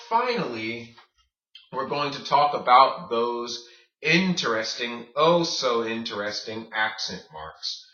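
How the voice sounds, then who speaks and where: A man teaching a casual language lesson, patient, repeating words slowly and checking in with "okay?". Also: mid-range voice, bright, forceful tone. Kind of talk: casual classroom-style lesson. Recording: roomy, distant, dull lo-fi sound.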